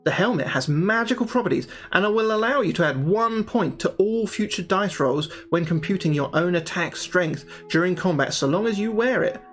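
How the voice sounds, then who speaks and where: A man reads fantasy gamebook passages aloud on his stream, then drops into chatty, profane talk with his viewers. His voice is a little high for a man and expressive, moving at a moderate pace with few pauses. Soft music plays quietly underneath.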